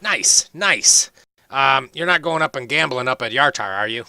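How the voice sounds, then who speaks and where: A man voicing a young male dwarf wagon-maker who chatters excitedly and stammers through his questions. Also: medium pitch, normal speed, no room sound, pitched above the performer's own voice. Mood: chatty.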